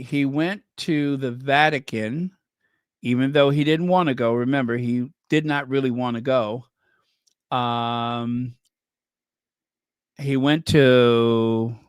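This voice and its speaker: A man's voice: mid-range voice, smooth, no echo, studio quality. A man doing casual commentary, sarcastic and chatty, tossing out rhetorical questions and wry asides. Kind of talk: casual chat.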